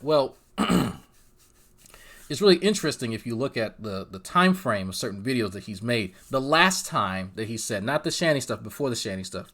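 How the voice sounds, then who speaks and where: A man from New Jersey giving a crude, sarcastic commentary monologue as a YouTube host. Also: mid-range voice.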